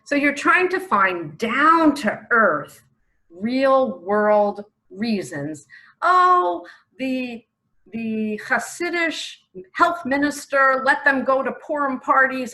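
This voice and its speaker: Slow, lively-voiced middle-aged woman preaching. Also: high-pitched, rough recording. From New York. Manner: emphatic, rhetorical questions, sudden loud bursts. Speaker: self-proclaimed messiah preacher. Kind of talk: impassioned religious monologue.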